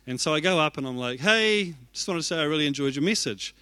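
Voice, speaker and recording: Bright-voiced pastor telling a story. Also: male voice, a little high, animated, fast, clean tone, dry recording. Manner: self-deprecating, acts out his own reactions. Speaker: executive pastor. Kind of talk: storytelling sermon.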